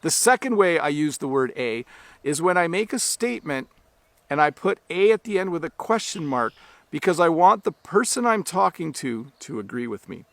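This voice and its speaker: A Canadian man gives an English lesson in a slightly high, gravelly voice. He explains things clearly and steadily, as if to learners. The sound is dry and close. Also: big pitch swings, moderate pace, no echo. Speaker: English teacher.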